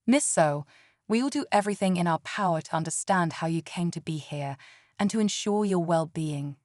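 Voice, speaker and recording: A courteous tree-like alien professor speaks with a melodious, formal cadence, as a woman narrator reads him in her low voice. The delivery is measured, and the sound is dry and close. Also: expressive, darkish tone, dry recording, close to an everyday voice. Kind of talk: scripted narration.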